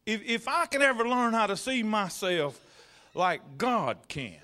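A man's voice: sits high, animated, unhurried, bright, forceful tone. A man preaching a sermon in church, telling folksy stories, repeating his words and building to fervent peaks. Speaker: pastor. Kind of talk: sermon with personal anecdotes.

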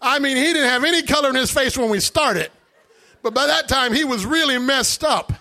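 A man giving a testimony in a sermon, an animated, dramatic storyteller. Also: very high-pitched, normal speed. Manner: animated, dramatic storyteller who acts out voices. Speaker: guest speaker giving testimony.

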